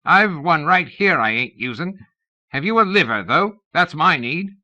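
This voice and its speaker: A man voicing an ancient, croaking old male graverobber who barters for body parts in a storybook reading. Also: fairly high pitch, expressive, pushed and bright, voice pushed up, exaggerated voice. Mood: bartering. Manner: brisk, bartering. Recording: dull lo-fi cassette recording.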